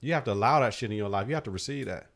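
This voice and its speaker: A man's voice: lowish voice, rapid-fire, creaky. Blunt, profane podcast host man. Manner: blunt, profane, animated opinions. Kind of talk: casual chat.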